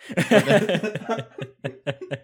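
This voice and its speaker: A man's voice: high voice, expressive, extremely slow. A man co-hosting a podcast, talking in a loose, rambling way full of fillers. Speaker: podcast co-host. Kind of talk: casual podcast chat.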